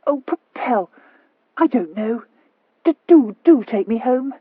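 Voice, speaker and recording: Lady playing a stammery young regency girl, high strung and urgent, breathy, lively pitch. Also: takes it slowly, no room sound, phone-quality sound, exaggerated voice. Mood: flustered.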